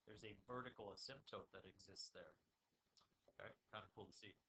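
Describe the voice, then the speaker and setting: A man teaching a math lesson to a classroom, talking to his students in an informal way with quick asides. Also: fairly low pitch, sharp tone. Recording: distant classroom recording with faint noise.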